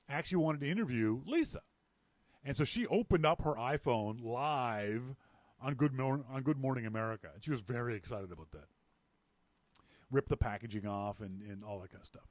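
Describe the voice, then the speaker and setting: A man from Canada hosting a podcast, telling a story in a casual, animated way and acting out the lines of people in it. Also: fairly high pitch, dry recording. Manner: animated, acts out quoted dialogue. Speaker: podcast host.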